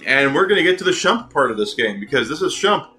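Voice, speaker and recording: A chatty, excitable young man giving casual commentary while playing a video game. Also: medium pitch, fast, faint music behind. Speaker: gaming video host. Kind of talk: casual let's-play commentary.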